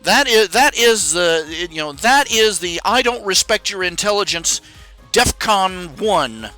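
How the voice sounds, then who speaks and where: A man's voice: high-pitched, animated, moderate pace, sharp tone, soft background music, low-quality recording. A man hosting a casual talk stream, ranting with many restarts and jumping into raised, mocking voices when he quotes his parents. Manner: rambling with restarts. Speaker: podcast host. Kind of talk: casual rant.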